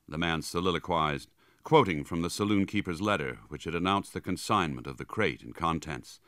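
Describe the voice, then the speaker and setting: A man's voice: deep voice, fairly quick, a bit bright, no echo, studio quality. A man giving a dramatic, vivid scripted narration of a story as an audiobook narrator.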